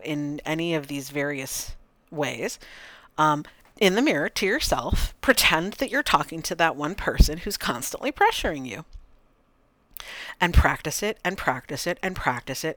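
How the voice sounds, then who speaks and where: A woman coach talks through her podcast in a low, steady voice. She sounds calm and encouraging as she demonstrates for her listeners. The sound is dry and close, with no room echo.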